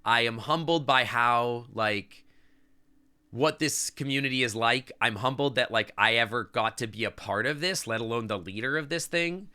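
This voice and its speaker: A man's voice: medium pitch, normal speed, bright, forceful tone, clean tone. A man streaming live, chatting casually and sentimentally to his chat, rambling with lots of "like" and "I don't know". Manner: reads and answers chat as he talks.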